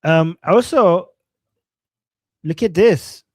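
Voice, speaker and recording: A man hosting a casual political chat, animated and incredulous, peppering his speech with "like.". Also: sits high, very slow, dry recording. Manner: animated, incredulous, frequent "like" and "oh my God". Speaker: political talk show host.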